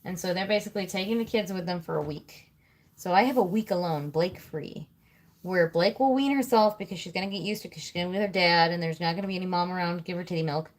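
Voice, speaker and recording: A woman's voice: on the low side, quick pace. Woman, 30s, home livestream host; loose, profane, talks while multitasking at her desk. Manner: chatty, swears freely, thinks aloud. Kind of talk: casual rambling chat.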